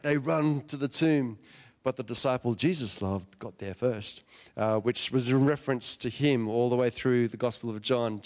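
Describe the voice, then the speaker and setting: Man preaching, casual and chatty, asks questions, medium pitch, long hall echo. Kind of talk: conversational sermon.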